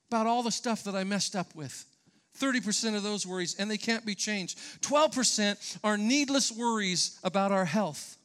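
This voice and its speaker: A pastor with a fairly bright, high-sitting voice preaches a sermon to his congregation. He's emphatic yet conversational, often repeating words and putting questions to his listeners.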